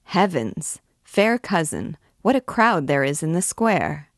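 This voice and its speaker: A woman's voice: low voice, big pitch swings, slow, no echo, studio quality, heavily acted. A woman reading aloud as a vain, evasive young male army captain who talks in a breezy, offhand way.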